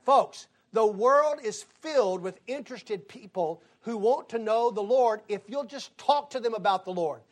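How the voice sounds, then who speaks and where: A man's voice: high voice, unhurried, hardly any pauses. A man teaching a conversational Bible lesson as a Sunday school teacher, telling stories and acting out the dialogue. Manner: animated storyteller acting out dialogue.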